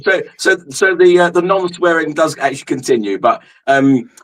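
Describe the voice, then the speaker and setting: A man's voice: fairly high pitch, expressive, normal speed, fairly bright tone, rough recording. A man hosting a casual podcast chat, speaking with lots of hesitations and restarts. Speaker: podcast host.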